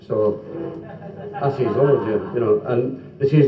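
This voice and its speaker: A man's voice: medium pitch, unhurried, pauses often. A Scottish man doing live stand-up comedy, telling jokey stories with sung bits and laughing at himself as he goes. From Scotland. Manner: jokey, lively storytelling with sung bits and self-interrupting laughter. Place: club stage before an audience. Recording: roomy, distant, dull 1970s live club recording.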